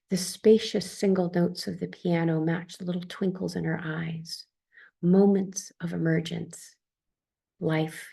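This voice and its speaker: A woman calmly reading her own first-person account as a therapist, in a soft, tender manner. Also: lowish voice, gravelly, breathy edge.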